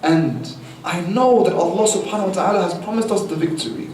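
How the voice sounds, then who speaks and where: A man's voice: high-pitched, a little fast, a little mellow, slight background noise, close to an everyday voice. A man voicing a stern, unshakable male leader. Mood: resolute. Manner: firm, convinced. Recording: echoey hall from far off.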